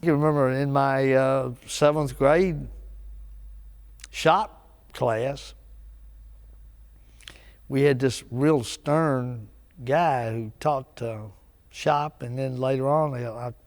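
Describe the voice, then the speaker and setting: Slow, gravelly older man recalling school. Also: mid-range voice, steady tone. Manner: slow, halting, trailing off. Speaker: interviewee, former student. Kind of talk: reminiscing interview.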